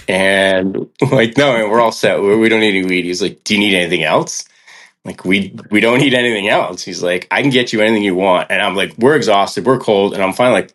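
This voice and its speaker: A man's voice: lowish voice, fairly quick. A man casually telling a long hiking story on a podcast, acting out the people he quotes. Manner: animated, acts out quoted people. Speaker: hiker guest on a podcast.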